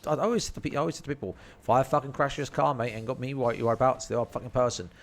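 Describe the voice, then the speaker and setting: A man's voice: mid-range voice, steady tone, very fast. A man telling a rambling, slang-filled story and swearing freely. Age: 30s. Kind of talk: casual storytelling.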